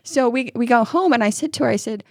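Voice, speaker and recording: A middle-aged woman co-hosting a parenting podcast, telling stories in casual chat with quick restarts. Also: fairly high pitch, slightly rough, no echo, clean studio sound. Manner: expressive storytelling with quick restarts.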